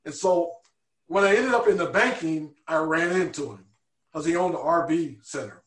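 A man telling a personal story as an interview guest, earnest and animated, acting out the people he quotes. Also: on the high side, moderate pace, roomy sound.

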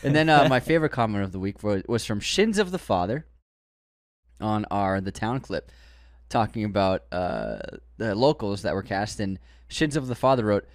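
Podcast co-host, male, Boston accent, lively up-and-down delivery, dry close recording. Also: on the low side, moderate pace, dry recording. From Boston area. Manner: animated, reads comments aloud with mock outrage. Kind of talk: casual chat.

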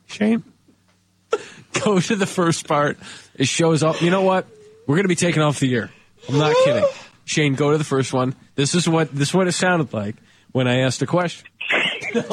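A man's voice: a little high, moderate pace, noisy background. A man co-hosting a casual podcast in a studio, often breaking into laughter while he talks. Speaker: podcast co-host. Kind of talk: casual comedy podcast chat.

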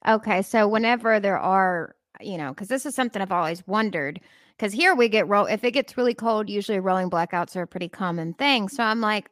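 A woman's voice: medium pitch, brisk, a bit bright, no echo. A woman talks casually, her voice nasal and stuffed up from congestion. The sound is dry and close, with no room around it. She rambles through her explanations in an easy, chatty way. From Memphis, southern US. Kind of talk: casual chat.

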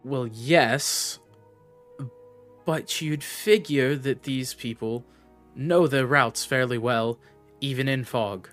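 A man playing his character in a tabletop game, speaking in a measured, reasoning way. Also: mid-range voice, fairly bright tone, soft background music. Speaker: player. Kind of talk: in-character tabletop role-play.

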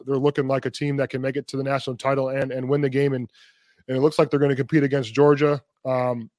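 A man's voice: medium pitch, dry recording, clean studio sound. A man co-hosting a podcast in casual sports chat, rambling with many repeated starts. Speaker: podcast co-host.

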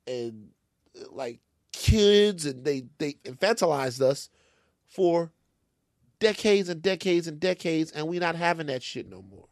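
Guy on a podcast, super animated storyteller, kinda high voice, dry close sound. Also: unhurried, no room sound. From Louisiana. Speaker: podcast co-host. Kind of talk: casual comic chat.

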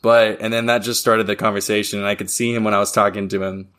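A young man with a deep voice, co-hosting a podcast and telling stories in a rambling, casual way full of "like". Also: level tone, fast, a bit bright, smooth. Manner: rambling, heavy use of "like". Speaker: podcast co-host. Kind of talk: casual chat.

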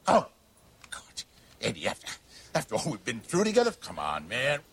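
An actor playing a panicked, middle-aged mob boss who pleads and stammers. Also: male voice, medium pitch, wildly swooping pitch, normal speed, fairly bright tone, slightly rough, full character voice. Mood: panicked pleading.

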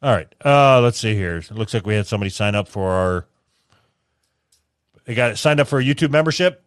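A man's voice: on the low side, animated, a little fast, no echo, studio quality. A man co-hosting a podcast, talking in crude, profane, mocking banter. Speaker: podcast co-host.

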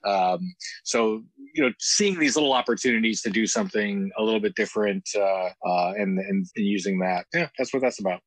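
A man, a comic creator, talking haltingly with many restarts on a podcast. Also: lowish voice, expressive, no room sound, poor audio. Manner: halting, full of restarts and fillers. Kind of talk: casual podcast chat.

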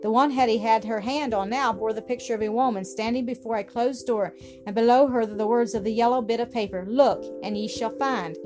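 A woman's voice: a little high, fairly even intonation, brisk. Woman reading a storybook aloud. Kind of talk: scripted narration of a classic story. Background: music.

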